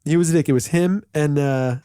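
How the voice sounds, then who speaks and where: A man in his late thirties tells casual stories on a podcast, wandering and loose, peppered with fillers and the odd curse. His voice is dark and mellow. The recording is dry and close. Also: on the high side, a little fast, clean tone, no echo. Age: late 30s. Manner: rambling with many "like" fillers, swearing. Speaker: podcast co-host. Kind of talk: casual storytelling chat.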